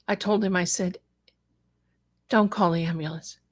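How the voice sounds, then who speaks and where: A woman's voice: lowish voice, steady tone, unhurried. A middle-aged woman telling a personal story on a live stream, acting out the voices of the people in it with emotion. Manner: emotional, acts out quoted voices. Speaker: psychic guest telling her story.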